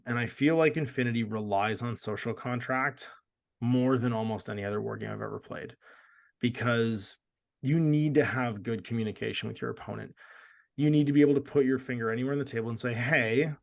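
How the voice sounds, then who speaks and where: A man from Canada co-hosting a casual gaming podcast, animated and laughing often as he acts out quoted lines. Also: medium pitch, fairly quick, vocal fry. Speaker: podcast co-host.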